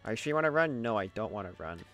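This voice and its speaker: A man's voice: fairly low pitch, big pitch swings, very fast, fairly bright tone, dull audio, soft background music. A man streaming a game, reading chat aloud in a playful way and laughing easily.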